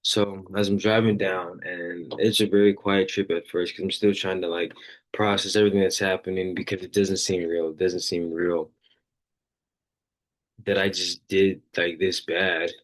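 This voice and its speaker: A faith podcast host with a deep, low voice shares a personal story, rambling casually and relying heavily on fillers. He remains sincere and open throughout, speaking at a moderate pace with little pitch variation.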